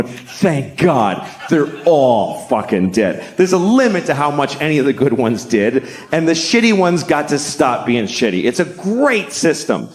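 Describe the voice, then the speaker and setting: Middle-aged male stand-up comic, deadpan, crude delivery that swings to shouting, lively pitch, on a stage mic. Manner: deadpan, profane, building to shouted rants. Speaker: stand-up comedian. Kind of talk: stand-up comedy set. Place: comedy stage before a live audience.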